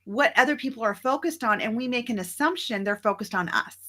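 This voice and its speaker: A middle-aged woman talks earnestly as a co-host. She muses on her feelings in a reflective way and slips into quick acted-out bits of everyday scenes. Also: a little high, pushed and bright. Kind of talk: casual chat.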